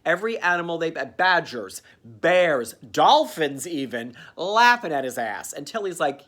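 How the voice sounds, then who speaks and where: A man's voice: on the high side, measured pace, hardly any pauses. Campy sarcastic man recapping a cartoon. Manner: campy, sarcastic, lively voices for characters. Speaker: comedic reviewer. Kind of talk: comedic recap.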